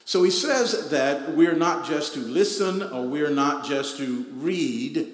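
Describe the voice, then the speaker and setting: A pastor preaching a sermon, repeating lines and swelling into loud emphatic bursts before dropping back to a low, quiet tone. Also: male voice, lively intonation, takes it slowly, few pauses. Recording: echoey hall with long reverb.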